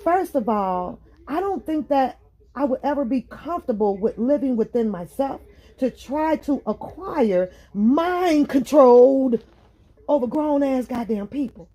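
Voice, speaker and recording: High-pitched woman in a profane rant. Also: measured pace. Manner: profane, animated and laughing. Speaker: talk show host. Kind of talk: casual opinion monologue.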